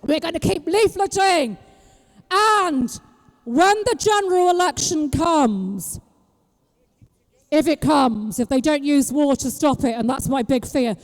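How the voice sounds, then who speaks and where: British woman activist, very high voice, rousing rally speech, reverberant outdoor recording. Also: lively intonation, takes it slowly. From Britain. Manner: rousing, rhetorical questions to the crowd, bursts of shouting. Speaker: street activist speaking at a rally. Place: outdoor public square at a rally.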